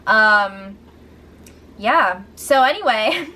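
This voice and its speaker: A woman recapping a reality show in a casual, animated and gossipy way, swearing freely as she talks. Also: mid-range voice, extremely slow.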